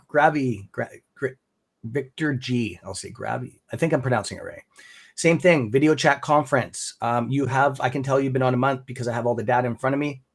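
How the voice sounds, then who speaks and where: Rambling Canadian man on a live stream. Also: medium pitch. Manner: rambling, friendly, calls viewers brother and bud. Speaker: stock trading stream host. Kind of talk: casual live-stream chat.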